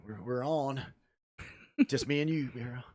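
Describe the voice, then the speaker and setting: Man, middle-aged, gruff voice, radio host, casual chat, joking, stumbles over words. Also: medium pitch, unhurried, darkish tone, no room sound.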